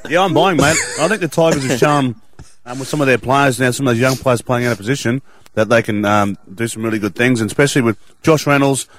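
A man's voice: mid-range voice, fast talker. A man giving blunt, emphatic opinions as a panelist in a sports chat. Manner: blunt, emphatic, says mate a lot.

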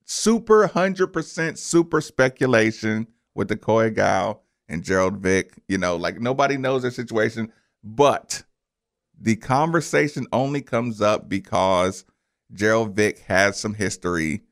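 A man's voice: lowish voice, unhurried. A man hosting a sports radio show, joking with his co-host between ad reads and calls. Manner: lively, laughs often, jokes with co-host.

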